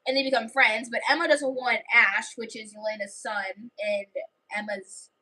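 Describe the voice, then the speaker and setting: A woman's voice: fairly high pitch, flat delivery, normal speed, pushed and bright, low-quality recording. A woman livestreaming, telling a story in a rambling, casual way full of fillers and restarts.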